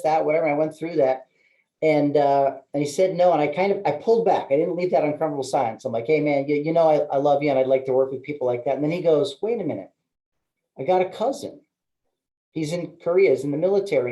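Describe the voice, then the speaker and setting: A middle-aged man hosting a webinar, telling stories and acting out phone calls with sudden high-pitched bursts. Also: expressive, a little fast, mellow, rough recording. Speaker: webinar host, loan officer. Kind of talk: animated webinar talk.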